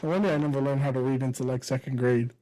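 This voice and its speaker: A man hosting a podcast, telling crude, animated stories in casual chat, swearing freely. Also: mid-range voice, rapid-fire, poor audio. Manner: crude, animated storytelling with frequent laughs and swearing. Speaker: podcast host.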